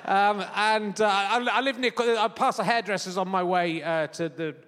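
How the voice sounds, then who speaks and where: Performing his comedy podcast live in a theatre, this fifties-aged host speaks at a moderate pace in a high, fairly bright voice. His stage chat rambles and pokes fun at himself, packed with fillers, while long hall reverb and a little hiss or hum sit in the recording.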